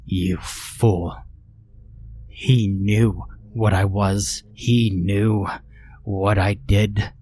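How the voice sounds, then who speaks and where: Cast: a man doing a spiteful old aunt-monster, low and slow, storybook horror. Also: level tone, darkish tone, slight background noise. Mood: menacing taunt. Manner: cold, menacing, drawn-out taunting. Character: hateful old aunt turning monstrous, female.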